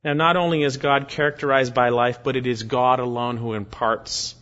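A man preaching an expository sermon, reading verses aloud with slow, deliberate emphasis. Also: mid-range voice, steady tone, a bit bright. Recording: dull lo-fi recording.

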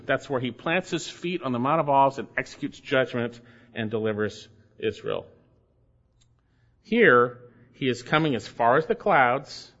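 A man's voice: on the high side, a bit bright. A man preaching a verse-by-verse sermon as pastor, emphatic and repeating key phrases for stress. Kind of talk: expository sermon. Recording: dull lo-fi sermon recording.

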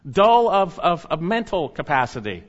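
A man preaching a sermon, stressing key words loudly and dropping to quiet, low asides. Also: big pitch swings, moderate pace, dull audio. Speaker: pastor.

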